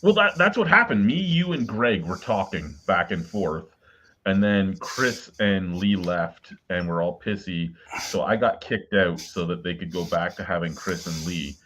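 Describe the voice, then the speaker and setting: A man's voice: sits low, unhurried, bright, forceful tone, slight background noise. A man hosting a casual beer chat over a video call, blunt and swearing as he rants through stories. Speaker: podcast host. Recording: dull lo-fi video call audio.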